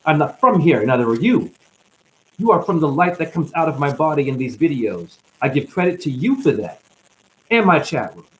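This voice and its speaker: A man's voice: on the high side, very animated, normal speed, rough recording. A man on a livestream delivering a rambling, rhyming spiritual monologue with bursts of whoops, sounding tired and drained. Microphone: static-laden livestream mic.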